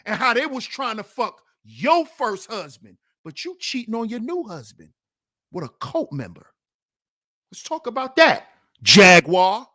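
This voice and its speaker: This channel host delivers heated commentary on a played clip, his pitch lively but his pace slow. His manner is preachy and emphatic, and he repeats and mocks what he hears.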